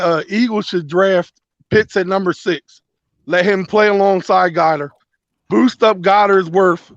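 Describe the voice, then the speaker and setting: A caller comes through high-pitched and a little muffled. He has no room sound around him. He teases the hosts and then gets animated about his draft picks. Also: no room sound. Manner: animated, playful ribbing, quick restarts. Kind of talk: casual call-in opinion.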